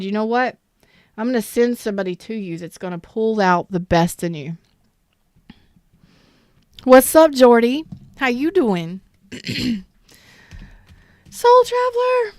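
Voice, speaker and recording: A woman's voice: fairly high pitch, no echo, studio quality. A woman giving a live-streamed tarot reading who talks candidly and swears freely, greets viewers in the chat, and speaks with strong emotional intensity. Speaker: tarot reader.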